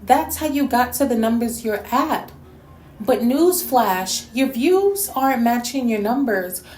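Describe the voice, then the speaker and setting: A woman's voice: fairly high pitch, lively intonation, a little slow, a little mellow, slight background noise. Sassy, scolding woman in an echoey room. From New York City. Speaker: YouTube reactor and host. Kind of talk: response video rant.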